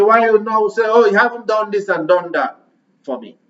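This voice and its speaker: A man's voice: sits high, lively intonation, normal speed, a bit bright, distant mic, lo-fi sound. A man preaching a sermon, pressing his listeners with repeated rhetorical questions.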